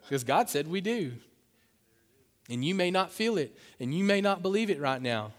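A man preaching a sermon to his church, passionate and swinging into loud, emphatic bursts. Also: high-pitched, big pitch swings, measured pace. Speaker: pastor. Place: church sanctuary. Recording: long hall reverb.

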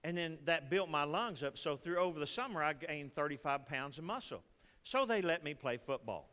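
Animated Texan preacher in a reverberant hall. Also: male voice, a little high, normal speed, smooth. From Texas. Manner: animated, folksy preaching with storytelling. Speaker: pastor. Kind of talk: sermon.

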